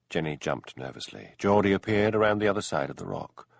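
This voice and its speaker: A man narrating an audiobook in measured storytelling. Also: low-pitched, lively intonation, vocal fry, dry recording, studio quality. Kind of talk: scripted narration.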